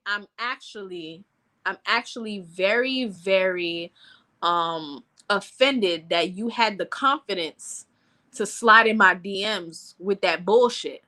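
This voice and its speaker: A woman's voice: mid-range voice, bright, forceful tone. A woman co-hosting a casual chat show, telling candid stories in a blunt and profane way. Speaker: co-host.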